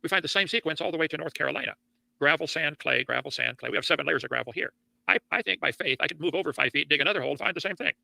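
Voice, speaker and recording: A man's voice: on the high side, animated, very fast, vocal fry, bright, forceful tone, dry recording. A man making a debate argument in a folksy way, leaning on homespun examples. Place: debate recording, played on a review show.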